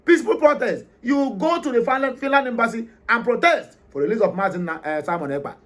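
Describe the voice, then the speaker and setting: A man's voice: very high-pitched, lively intonation, fast, fairly bright tone. A middle-aged Nigerian man with a Nigerian accent, giving an emphatic, repetitive opinion monologue with frequent hesitations. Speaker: commentary host.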